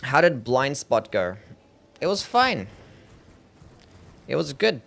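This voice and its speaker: A man's voice: mid-range voice, slow, creaky. A young Australian man streaming a game, chatting casually with viewers and often trailing off unsure. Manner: relaxed, mumbly, answers chat questions, trails off with "I don't know". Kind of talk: casual gaming stream chat.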